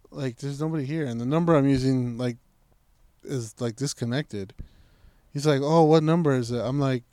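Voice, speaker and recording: A man's voice: medium pitch, darkish tone, clean tone, no echo. A man telling a story in casual chat, acting out his own past lines and swearing freely.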